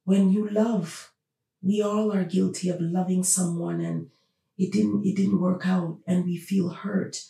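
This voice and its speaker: Woman host, opinionated monologue, emphatic and repetitive; gravelly low-bright tone, recorded off-mic in a roomy space. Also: level tone, unhurried, recorded from a distance. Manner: emphatic, repeats rhetorical questions. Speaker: podcast host.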